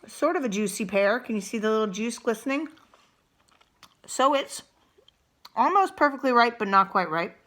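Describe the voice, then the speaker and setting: Middle-aged female wellness coach, bright tone, gentle unhurried guidance, talks while chewing. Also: fairly high pitch, expressive. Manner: eats and chews while talking. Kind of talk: guided mindful eating demonstration.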